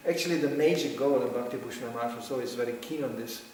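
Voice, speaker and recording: Speaking rapid-fire in a mid-range voice, a middle-aged man tells anecdotes to a devotional gathering, laughing a lot and acting out what people said. It's lively, memory-driven storytelling. The recording has slight hiss or hum, heavy room echo, and a distant mic.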